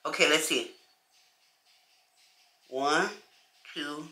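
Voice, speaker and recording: A woman chatting casually to camera as a beauty vlogger, animated and talking straight to her viewers. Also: low-pitched, drawn-out words. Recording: echoey room.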